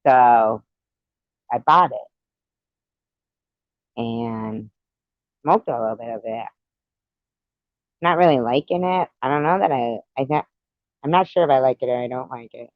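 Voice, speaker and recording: A man's voice: mid-range voice, measured pace, pauses often, no room sound, lo-fi sound. A man chatting with viewers on a live stream, giggly and meandering, often trailing off. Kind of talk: casual rambling chat.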